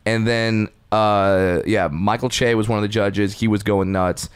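A man's voice: fairly low pitch, a little slow, smooth, no echo. A man on a podcast telling a backstage story in casual chat, acting out voices as he goes. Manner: animated, acts out voices in quotes. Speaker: podcast host and puppeteer.

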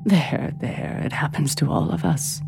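A woman voicing a gentle, elderly female ancestor spirit in a storybook, soft and soothing, over quiet music. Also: mid-range voice, very animated, moderate pace, vocal fry, pitched above the performer's own voice. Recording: soft music bed under reading.

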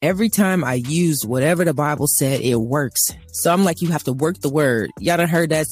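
A woman's voice: deep voice, a little fast, darkish tone, breathy edge, no echo, faint music behind. A woman co-hosting a faith talk show, ranting emphatically and acting out little dialogues. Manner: emphatic, acts out dialogues, laughing asides. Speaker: co-host. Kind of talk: animated faith talk, preaching rant.

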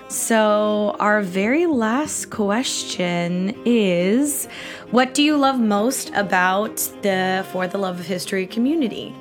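Gushing, rambling woman podcast host. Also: mid-range voice. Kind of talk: casual live podcast chat.

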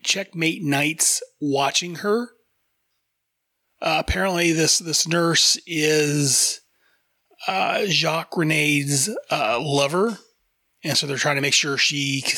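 A man's voice: a little high, pushed and bright, no echo, studio quality. A man hosting a casual comic review chat, enthusiastic and rambling, with frequent fillers. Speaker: podcast host reviewing comics.

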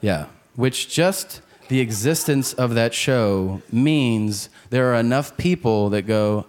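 This man's stand-up set, recorded live in a comedy club, has him voicing the characters in his jokes at a slow pace with hardly any pauses. His pitch is medium and his tone a little mellow. Laughter and crowd noise from the audience fill the background.

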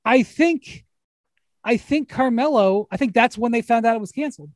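Man, high voice, rambling storyteller, casual sports chat, dry close sound. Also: normal speed, pauses often, no room sound. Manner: rambling storyteller, frequent restarts and laughs. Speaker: podcast host.

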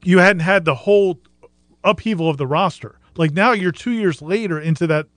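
A man co-hosting a sports talk show, explaining points in a measured way with frequent restarts. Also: high voice, fairly bright tone, dry recording. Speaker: co-host and team analyst.

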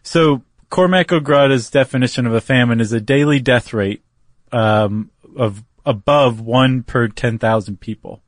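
A man's voice: mid-range voice, measured pace, dry recording, studio quality. A man co-hosting a podcast in casual chat, loose and chatty with lots of fillers. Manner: chatty, laughs easily, filler-heavy. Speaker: podcast co-host.

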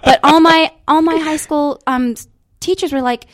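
A young woman with a slight British inflection chats as an interview guest. Her voice sits fairly high and sounds close and dry. She tells her stories in a bubbly, animated way. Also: normal speed, dry recording. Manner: bubbly, animated storytelling with laughs. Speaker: guest, stage actress. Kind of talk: casual interview chat.

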